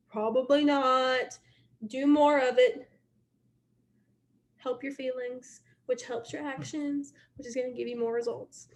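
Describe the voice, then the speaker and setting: A woman's voice: high voice, fairly even intonation, unhurried. A young woman leading her sales team in a casual motivational live stream, chatty and repetitive, talking straight to her viewers.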